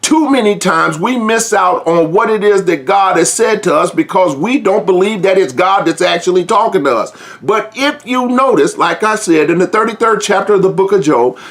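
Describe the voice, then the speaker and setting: A man's voice: high voice, a bit bright. A man preaching an informal sermon, speaking earnestly and directly to listeners, often repeating and restarting his words.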